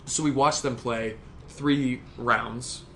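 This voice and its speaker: A man co-hosting a podcast in casual chat, rambling and excitable, swearing freely as he tells stories. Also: mid-range voice, slow, slight background noise. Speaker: podcast co-host.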